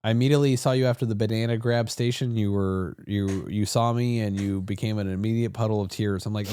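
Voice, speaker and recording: Man, podcast co-host, mellow tone, dry close recording, supportive. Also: on the low side, fairly even intonation, a little fast, few pauses, clean tone, dry recording. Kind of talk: casual podcast chat.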